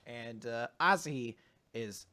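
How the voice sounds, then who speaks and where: A man co-hosting a casual recap podcast, animated and laughing often, acting out characters' lines in exaggerated voices. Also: medium pitch, slow. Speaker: podcast co-host.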